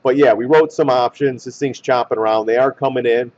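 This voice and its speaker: Hoarse man talking stock charts. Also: medium pitch, brisk. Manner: animated, blunt, trader slang. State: hoarse, losing voice. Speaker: stock market commentator. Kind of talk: chart analysis talk. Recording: dull lo-fi recording.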